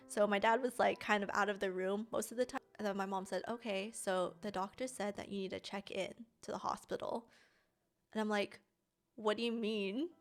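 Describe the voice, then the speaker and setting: Animated young woman telling a story. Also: medium pitch. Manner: animated, laughs often, slangy. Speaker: streamer. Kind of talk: casual storytelling.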